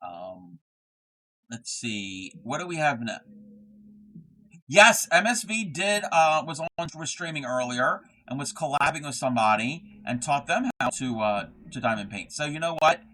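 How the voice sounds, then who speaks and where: A man's voice: medium pitch, lively intonation, a little slow, bright, forceful tone. A young man hosting a casual craft livestream, reading chat messages aloud and rambling with lots of fillers and restarts.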